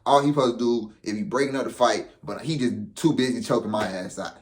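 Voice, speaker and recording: A man's voice: medium pitch, quick pace, a little hiss or hum. A young man telling a story in casual vlog style, with profane street slang. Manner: animated, profane street slang, acts out quotes. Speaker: vlogger.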